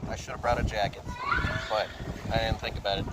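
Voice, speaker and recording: A man casually livestreaming from a protest outdoors, joking and swearing as he chats, on a phone mic with loud wind noise. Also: fairly low pitch, little pitch movement, fast. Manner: joking, profane, chatty. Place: outdoors at a protest, windy and cold.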